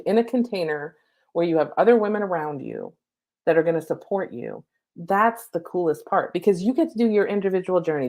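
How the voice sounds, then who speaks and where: A woman's voice: lowish voice, darkish tone. Chatty, salty-mouthed middle-aged woman coach. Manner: casual, chatty and profane, lots of "like". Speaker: spiritual coach. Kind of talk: live-streamed lesson. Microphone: laptop mic.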